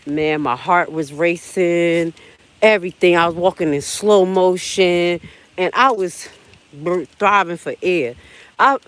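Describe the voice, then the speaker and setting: A woman's voice: lowish voice, poor audio. A woman in her forties hosting a casual live walking vlog from an outdoor park, chatting straight to her viewers as she climbs steps and gets winded. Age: 40s. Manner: chatty, talks straight to viewers as "y'all" and "baby". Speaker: livestream host.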